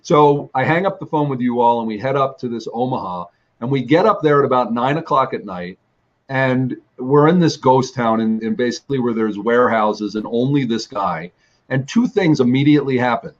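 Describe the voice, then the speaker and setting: A man's voice: mid-range voice, moderate pace, muffled recording. A man telling a long personal testimony about his travels, rambling with restarts and fillers. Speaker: ministry teacher. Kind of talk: storytelling testimony.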